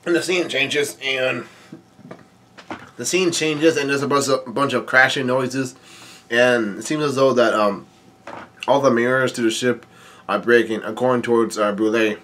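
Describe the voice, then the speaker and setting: Halting man recapping a comic. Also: medium pitch, fairly even intonation, fairly bright tone, slight background noise. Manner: halting, many fillers and restarts. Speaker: manga reviewer. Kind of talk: casual chapter recap.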